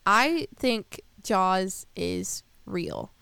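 A woman's voice: mid-range voice, expressive, drawn-out words, creaky, pushed and bright. A young adult woman co-hosting a podcast, insistently sharing anecdotes with her sisters. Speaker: podcast co-host. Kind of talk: casual chat among sisters.

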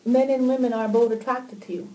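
A woman's voice: fairly high pitch, steady tone, a little fast, mellow. A woman palm reader giving a one-on-one reading, coaxing and calling her client sweetie. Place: reading room, indoors. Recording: distant recorder with faint ambience.

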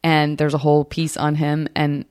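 A lower-voiced American woman hosts a podcast in casual chat. She talks in quick bursts and jokes at her own expense. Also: completely flat delivery, a little mellow. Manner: jokey, self-deprecating, talks in quick bursts. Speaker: podcast host.

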